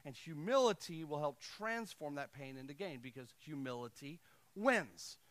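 A male pastor delivering a sermon with a high, ringing voice. He preaches with passion, punching key lines loudly and then dropping to soft, intimate asides. His tone stays bright and forceful throughout. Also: expressive, normal speed. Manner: impassioned preaching, swinging between loud emphasis and quiet asides.

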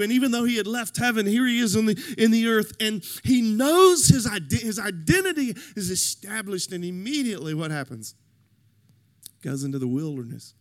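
A middle-aged man preaching a sermon with a notably high voice. He delivers it in an animated way, checking in with his listeners as he goes. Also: moderate pace. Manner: animated preaching, addresses the congregation directly. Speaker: pastor.

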